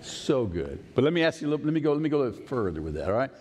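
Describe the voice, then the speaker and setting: Male preacher, lively, reverberant church. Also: mid-range voice, fast talker, a crowd in the background. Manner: emphatic, conversational, asks the congregation questions. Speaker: pastor. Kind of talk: sermon. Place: church sanctuary.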